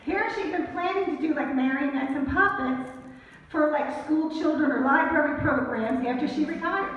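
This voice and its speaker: A woman's voice: sits high, normal speed. Chatty older woman medium in an echoey hall. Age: 60s. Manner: chatty, laughing, self-deprecating. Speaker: psychic medium. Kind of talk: live audience storytelling and readings. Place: event hall before an audience. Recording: distant echoey hall, muffled.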